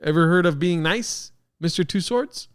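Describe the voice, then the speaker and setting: A young man hosting a podcast, reacting to fan-made songs with excitable, profane joking. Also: a little high, moderate pace, clear, resonant tone. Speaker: podcast host.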